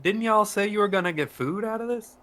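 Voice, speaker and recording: Bright-voiced man player. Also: high-pitched, brisk. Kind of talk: casual tabletop game play.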